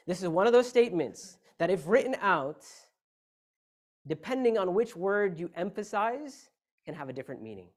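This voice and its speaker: A man giving a Friday sermon in a mosque hall, speaking emphatically, asking rhetorical questions and shifting the stress between words. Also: a little high. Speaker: preacher.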